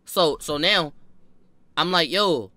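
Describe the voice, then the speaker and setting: A young man telling a funny personal story in a storytime vlog, animated and profane with sudden jumps in pitch and loudness. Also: moderate pace, dry recording. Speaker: vlogger.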